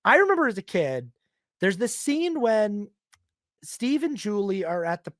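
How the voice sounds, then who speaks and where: Brief: male podcast host, higher register, dry close sound, lively and jokey, quotes characters in put-on voices. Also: measured pace, dry recording. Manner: animated, acts out characters in silly quoted voices. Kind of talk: casual film podcast chat.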